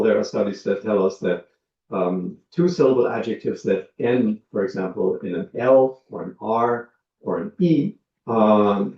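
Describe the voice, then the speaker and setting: A man lecturing on linguistics, talking in a measured way with many ums and uhs as he works through examples. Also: fairly low pitch, mellow. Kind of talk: academic lecture. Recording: dull lo-fi sound, roomy, from a distance.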